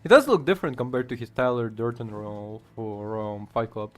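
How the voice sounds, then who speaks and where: A man's voice: medium pitch, animated, brisk, faint music behind. A man from Ukraine with a Ukrainian accent, rambling through casual gameplay commentary, chuckling and swearing often. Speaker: gamer streamer.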